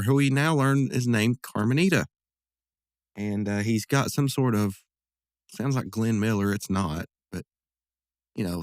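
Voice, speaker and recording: Low-voiced rambling man recapping. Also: dry recording, studio quality. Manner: rambling, full of fillers and asides. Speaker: podcast host. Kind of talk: casual episode recap.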